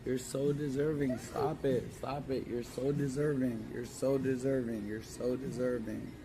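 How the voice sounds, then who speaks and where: Man, livestreamer, gushing, teary, repetitive, played stream audio, clear noise behind. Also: medium pitch, level tone, a little slow. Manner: gushing, repeating himself, teary. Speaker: livestreamer giving money to a guest. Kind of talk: emotional livestream talk.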